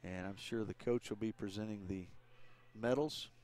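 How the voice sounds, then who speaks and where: A man's voice: on the low side, moderate pace, a little mellow. A man calling a women's college basketball game, chatting easily as play-by-play announcer. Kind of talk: sports commentary.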